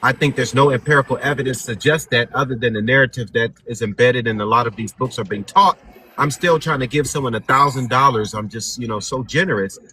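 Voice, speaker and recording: A man's voice: medium pitch, fast, bright, forceful tone. A man arguing his point in a casual panel discussion. He repeats points for emphasis and acts out the questions people ask him.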